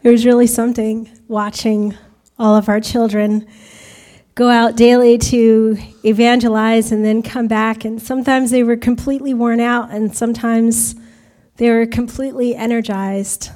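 A woman's voice: on the high side, little pitch movement, normal speed, warm tone. An American woman giving a chatty testimony to a church congregation about mission work, often laughing as she talks. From United States.

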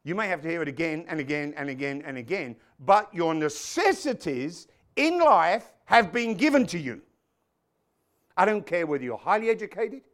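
An English man preaching a sermon in an animated way, swinging from loud exclamations to quiet prayer. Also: fairly high pitch, normal speed.

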